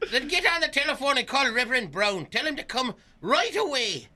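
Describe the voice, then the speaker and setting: A man's voice: very high-pitched, big pitch swings, moderate pace, pushed and bright, exaggerated voice. A man acting a dying old Irishman in a comedy radio skit, with a put-on Irish accent and theatrical groans. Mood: melodramatic. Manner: theatrical groaning, breaks into laughter. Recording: noisy old radio broadcast recording.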